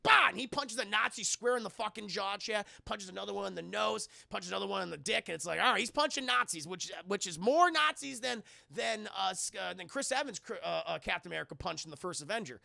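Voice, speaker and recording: Gravelly, excitable man recapping a movie. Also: sits high, no echo, clean studio sound. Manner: profane, excitable, acts out scenes in quick funny voices. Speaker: movie reviewer streaming to chat. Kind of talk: animated spoiler recap with chat.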